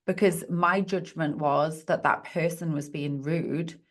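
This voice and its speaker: A woman's voice: deep voice, fairly even intonation, measured pace. A woman speaking as a podcast guest and positive psychologist, talking in an earnest, encouraging coaching tone. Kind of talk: podcast conversation.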